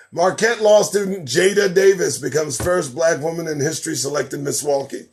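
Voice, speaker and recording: A man hosting a live commentary show, riffing sarcastically on news items, laughing often and swinging between loud outbursts and low mutters. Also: normal speed, few pauses. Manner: laughs a lot between remarks.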